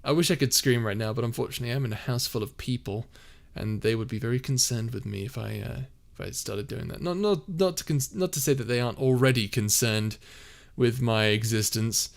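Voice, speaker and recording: A man's voice: mid-range voice, brisk, creaky, few pauses. A young man streaming from home. He reads chat aloud and answers in a rambling, easygoing way with many restarts. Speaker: streamer and audio roleplay creator. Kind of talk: casual live-stream chat, reading comments. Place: a house, indoors.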